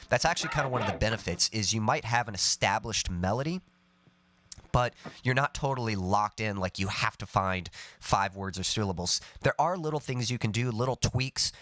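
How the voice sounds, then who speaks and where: A man's voice: lowish voice, fairly bright tone. A man teaching songwriting on a live stream, explaining patiently and humming short melody snippets to show his points. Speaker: songwriting coach.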